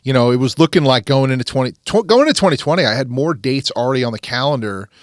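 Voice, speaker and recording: A man hosting a podcast, telling a story in a lively, rambling way with quick restarts. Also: mid-range voice, no room sound, studio quality. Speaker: podcast host. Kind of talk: casual storytelling chat.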